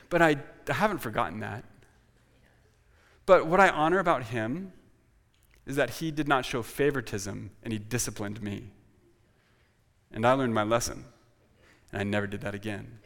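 A man's voice: mid-range voice, lively intonation, moderate pace, pauses often, a bit bright. A man preaching a sermon as pastor and closing in prayer, earnest and often restarting his words. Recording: long reverb of a large hall.

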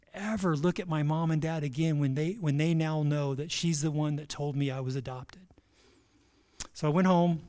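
A man who is a pastor, telling a personal story in a sermon and then leading a closing prayer, lively, with repeated words and restarts. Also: a little high.

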